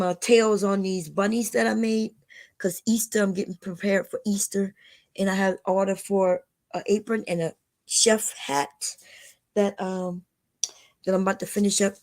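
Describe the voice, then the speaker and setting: A woman's voice: mid-range voice, vocal fry, darkish tone. An older woman hosting a casual livestream, talking bluntly and lecturing her viewers, often calling them y'all. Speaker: livestream host.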